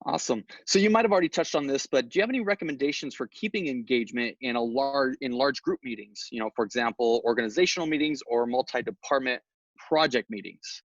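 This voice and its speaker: A man's voice: mid-range voice, quick pace, no echo. A man hosting a webinar over a video call, putting audience questions to the guest in brief, upbeat prompts. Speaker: webinar host asking questions. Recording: dry, dull video-call audio.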